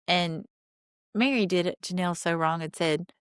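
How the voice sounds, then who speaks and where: An opinionated woman with a low voice and smooth, clear tone talks through a reality show recap. She retells scenes line by line and adds blunt, sarcastic asides. The sound is dry and close, with no room around it. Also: moderate pace, dry recording. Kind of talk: casual recap commentary.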